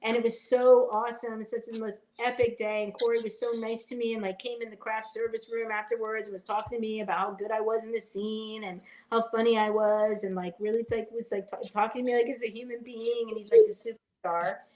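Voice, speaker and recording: A woman's voice: on the high side, little pitch movement, brisk, few pauses, darkish tone, poor audio. A woman in her forties, an actress guest telling stories in a casual interview, chatty and full of "like", acting out what people said. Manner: chatty, fills with "like", acts out quotes.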